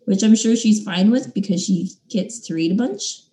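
A young woman chatting casually about a book she loves. She has a mellow, warm tone. She keeps retelling scenes and slips into playful voices for the characters. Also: mid-range voice, moderate pace, roomy sound. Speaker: book podcast co-host.

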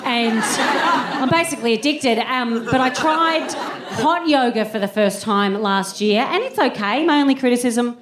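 A sardonic woman works a live theatre crowd with a stand-up set on a handheld mic, punchy and sweary, trading quips with the audience. Her voice sits a little high. The sound is roomy, with the buzz of the audience clearly behind her. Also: moderate pace, noisy background. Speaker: stand-up comedian and podcast host. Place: theatre stage before a laughing audience.

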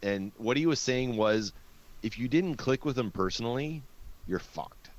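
A man's voice: medium pitch, animated, a little slow. A man in a casual podcast chat, explaining a point at length.

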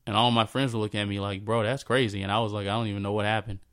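Telling a story from his own life off the cuff, this thirties-aged man speaks in a low, smooth, clear voice with a flat delivery. His speech is halting and repetitive, with frequent restarts, and at times he drifts down to a quiet, low murmur.

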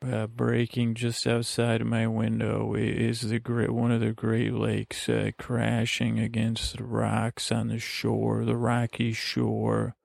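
Sleepy rambling podcast guy, super gravelly, dry close sound, keeps trailing off. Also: fairly low pitch, monotone, slow, few pauses, a little mellow, dry recording. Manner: meandering, self-interrupting, drowsy. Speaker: podcast host. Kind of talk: rambling bedtime monologue. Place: lakeside vacation spot.

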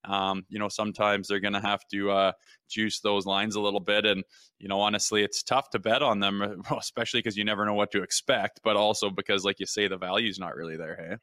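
A man co-hosting a sports show, a former pro player telling stories in a relaxed, casual way. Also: lowish voice, a little fast, no room sound, studio quality. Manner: laid-back, storytelling, frequent "man" and "hey".

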